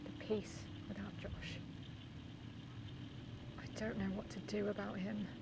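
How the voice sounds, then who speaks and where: Blunt, wry heroine. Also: female voice, medium pitch, flat delivery, creaky. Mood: reflective. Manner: wry, blunt, quick to anger. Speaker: game protagonist. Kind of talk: game dialogue and diary monologue. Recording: noisy game ambience.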